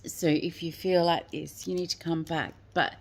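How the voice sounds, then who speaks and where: A woman's voice: low voice, fairly even intonation, normal speed. A woman telling a personal story in a rambling way, with many fillers, often quoting what others said. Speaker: guest telling her story.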